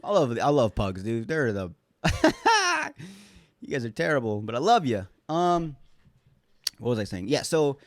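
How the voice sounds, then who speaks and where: A young man in his twenties talks straight into the mic on his own podcast, candid and rambling, with loose swearing and frequent restarts. His voice sits at an ordinary middle pitch. The sound is dry and close, with no room echo. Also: lively intonation, normal speed. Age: 20s. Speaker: podcast host. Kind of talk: casual solo podcast monologue.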